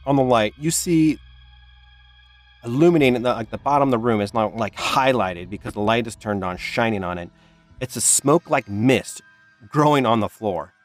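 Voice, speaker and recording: A man's voice: medium pitch, no room sound. A man narrating a tabletop game as dungeon master, often restarting and filling with "like". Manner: halting narration with restarts and fillers.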